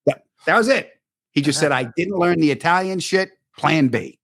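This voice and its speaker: A man spins a comic story about a friend and jumps his voice up for every quoted line. His voice sits a bit high, and the sound is close and dry with faint music underneath. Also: normal speed, creaky, no room sound. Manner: animated, acts out quotes in raised voice. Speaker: comedian telling a story. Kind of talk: casual storytelling.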